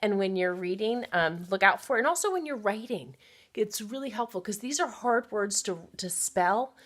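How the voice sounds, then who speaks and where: A woman's voice: medium pitch, animated, normal speed. A woman teacher giving a recorded phonics lesson to children, patiently sounding out words and encouraging them.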